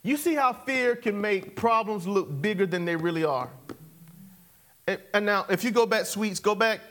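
High-voiced man preaching with call and response. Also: moderate pace, fairly bright tone. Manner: call-and-response, repeats phrases, chuckles often. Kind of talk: sermon.

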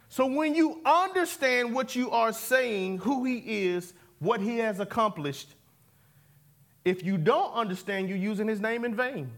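In a church sanctuary, a pastor preaches a sermon, calling for responses and repeating key words. His voice is very high-pitched with a fairly bright tone.

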